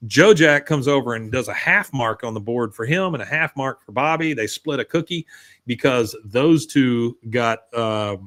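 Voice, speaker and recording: A man's voice: mid-range voice, animated, normal speed, fairly bright tone. A man hosting a podcast, casually retelling scenes and briefly slipping into voices for the characters' lines. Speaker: podcast host. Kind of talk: casual recap chat.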